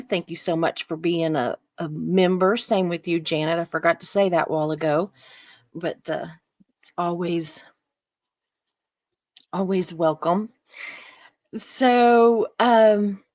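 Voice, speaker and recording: A woman's voice: on the low side, no room sound, studio quality. A woman, probably in her fifties, hosting a casual live stream, chatting and rambling with viewers and laughing often.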